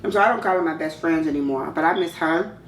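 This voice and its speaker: Candid, slangy woman in her 30s, vlog Q&A host; slightly low voice, roomy distant sound. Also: fast talker, a little hiss or hum. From California. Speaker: vlogger. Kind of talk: casual Q&A chat.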